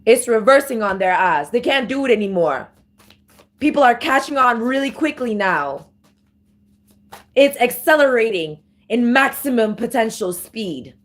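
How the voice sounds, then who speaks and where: A woman giving an off-the-cuff spiritual monologue, ranting with profanity and slang, restarting phrases and breaking into louder emphatic bursts. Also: fairly high pitch, animated, measured pace. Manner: profane, emphatic rant with sudden louder outbursts. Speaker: spiritual commentator.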